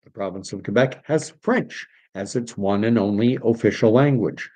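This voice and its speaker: A man from Canada chats loosely on a livestream, reading out viewer comments and wandering from topic to topic. His voice sits a little low, and he sprinkles French words into his English. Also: moderate pace, dark tone. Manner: rambling, reads viewer comments aloud, mixes in French phrases. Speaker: livestream host reading chat. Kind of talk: casual livestream chat.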